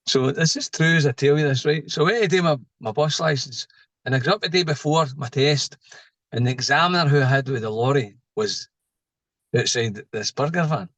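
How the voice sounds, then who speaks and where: A man's voice: on the high side, brisk, dry recording. A middle-aged man with a Scottish accent, a lorry driver telling a story in casual chat, acting out the people in it. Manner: animated anecdote-telling, voicing people in his story.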